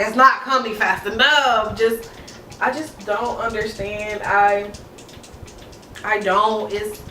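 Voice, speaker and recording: A woman's voice: fairly high pitch, sharp tone, slight background noise. A young woman chatting emotionally during a get-ready-with-me video, confiding and repeating herself while holding back tears. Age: young adult. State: tearful. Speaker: beauty vlogger. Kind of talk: casual get-ready-with-me chat. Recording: echoey room, mic a bit far.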